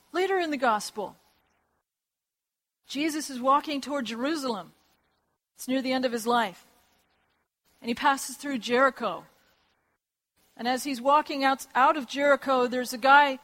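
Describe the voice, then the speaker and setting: A woman preaching a sermon, telling gospel stories in a lively way and acting out the voices of the people in them. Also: sits high. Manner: lively storytelling with acted voices and laughs.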